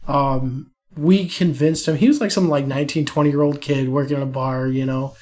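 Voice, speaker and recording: A man's voice: mid-range voice, fairly even intonation, moderate pace, a little mellow. A young man co-hosting a podcast, telling a profane, laughing story about a bar prank while suffering from allergies. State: allergies, swollen eyes. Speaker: podcast co-host. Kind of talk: casual storytelling chat.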